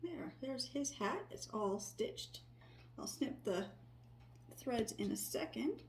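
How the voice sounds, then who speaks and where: Soft-spoken woman talking while sewing. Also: fairly high pitch, lively intonation, slow pace, slight background noise. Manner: soft-spoken, thinking aloud as she works, often dropping to a whisper. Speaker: crafter sewing on camera. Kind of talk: casual crafting narration. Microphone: desk microphone near her.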